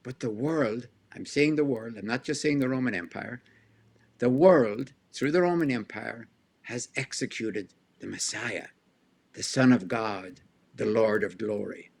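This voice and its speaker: A male scholar answers an interview question in an animated lecturing way. He fires off rhetorical questions and chuckles between points. His voice sits at an ordinary pitch for a man. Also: measured pace, gravelly. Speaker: guest scholar.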